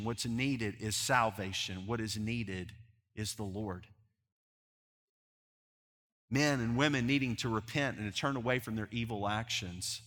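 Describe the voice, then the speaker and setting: Impassioned preacher man in a reverberant hall. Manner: impassioned preaching, swelling loud then dropping low. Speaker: pastor. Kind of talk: sermon.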